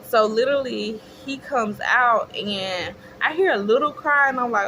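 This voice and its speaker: A young woman telling a chatty, expressive storytime to her viewers, calling them y'all. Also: fairly high pitch, normal speed, rough recording. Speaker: vlogger. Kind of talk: casual storytime. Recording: clear background noise.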